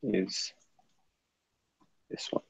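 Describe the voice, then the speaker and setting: A man hosting a casual livestream, chatting and muttering to himself as he reads comments and sets up links. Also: very slow. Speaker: livestream host. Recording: dull lo-fi dry sound.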